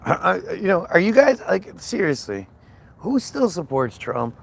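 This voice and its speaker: A man's voice: sits high, big pitch swings, unhurried, vocal fry. A man ranting in a casual monologue, profane, scornful and rambling with many restarts. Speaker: vlogger.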